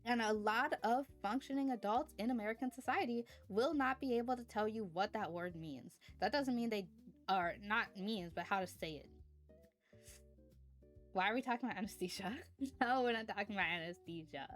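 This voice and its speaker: A woman streamer talking casually to her chat, drifting between topics and stopping to thank viewers. Her voice sits at an ordinary pitch. Faint music plays in the background. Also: normal speed.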